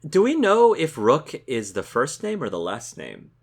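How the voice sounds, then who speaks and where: A man's voice: mid-range voice, huge pitch swings, normal speed. A man in casual discussion who mostly asks questions and gives short agreements. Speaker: discussion panelist. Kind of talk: casual chat.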